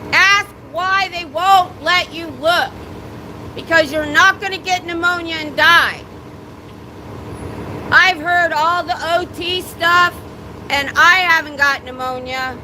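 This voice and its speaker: Loud high woman protesting outdoors. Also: slight background noise. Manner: loud, projecting drill-sergeant delivery; indignant, challenging. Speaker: street protester livestreaming. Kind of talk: loud street protest speech. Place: outdoors near a building entrance by a street.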